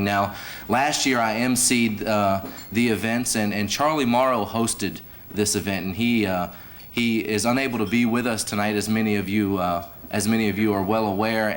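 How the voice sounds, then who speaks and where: A man with a lowish voice hosts a banquet from a podium microphone. He talks in a folksy, easygoing way, full of little fillers and restarts. Faint hiss sits under the recording. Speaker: master of ceremonies, sports director. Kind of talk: ceremony hosting with a told joke. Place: banquet hall.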